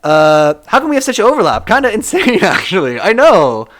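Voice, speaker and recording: A man's voice: sits high, wildly swooping pitch, a little fast, fairly bright tone. A young man streaming a game and chatting with his viewers, talking casually, self-deprecating and laughing often. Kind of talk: casual live-stream chat, reading chat aloud.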